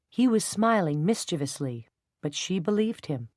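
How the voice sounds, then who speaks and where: An audiobook narrator, a woman, reads a novel aloud in an even, measured storytelling voice. Her pitch is fairly low, and the clean studio recording has no echo. This is scripted narration.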